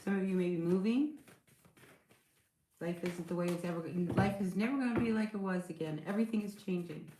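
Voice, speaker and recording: A woman chats through a tarot reading at a middle pitch, her voice bouncing around an echoey room. She talks loosely and reassuringly, with plenty of fillers and frequent "all right?" check-ins. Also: fairly quick, warm tone, slight background noise. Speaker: tarot reader. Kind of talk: casual tarot reading for viewers.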